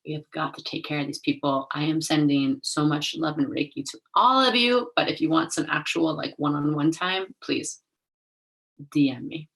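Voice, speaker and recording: A woman's voice: low-pitched, moderate pace, gravelly, fairly bright tone. A young woman hosting her own show in a casual, rambling way, leaning on "like", openly emotional and laughing at herself. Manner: chatty, rambling, heavy use of "like". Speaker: host. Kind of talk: casual solo show chat.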